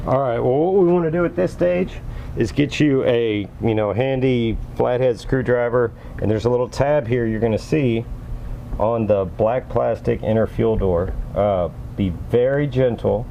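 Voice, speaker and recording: A man's voice: medium pitch, normal speed, creaky, dark tone, muffled recording, slight background noise. A man casually talking viewers through a car part install, upbeat and folksy. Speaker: car enthusiast vlogger. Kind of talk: casual how-to talk.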